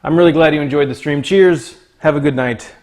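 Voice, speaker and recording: A man's voice: a little high, brisk, darkish tone. A man hosting a cooking livestream from his kitchen, chatting playfully and joking with viewers as he cooks. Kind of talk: casual livestream chat while cooking. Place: home kitchen.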